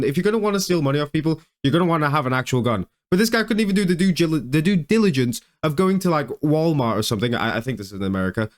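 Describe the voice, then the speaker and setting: Young guy riffing on a video, laughs a lot, keeps tripping over his words, voice a bit high. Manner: mocking, laughs often, stammers and restarts. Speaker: video commentator. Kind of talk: comedic reaction commentary.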